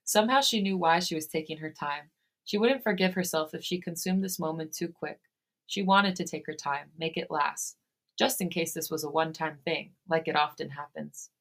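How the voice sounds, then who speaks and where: A woman podcast host reading fan fiction aloud, steady in her reading and given to breaking into laughter. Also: deep voice, moderate pace.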